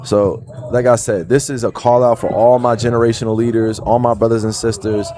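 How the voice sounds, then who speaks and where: Brisk and level-toned, this mellow mid-range male voice belongs to a thirtysomething New Jersey streamer. He muses sincerely to his viewers in a casual monologue, regularly tossing in "right?" and "you know."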